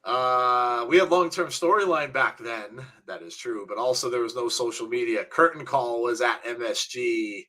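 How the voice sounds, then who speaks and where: Bright excitable man calling wrestling action. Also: mid-range voice, normal speed, few pauses. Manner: excitable, calls the action and shouts at big moves. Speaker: co-host of a wrestling watch-along. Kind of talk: live play-by-play and casual chat.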